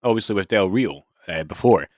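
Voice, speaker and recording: A man co-hosting a podcast, joking casually and turning loud and excitable. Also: on the low side, a little fast, no echo, clean studio sound. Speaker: podcast co-host.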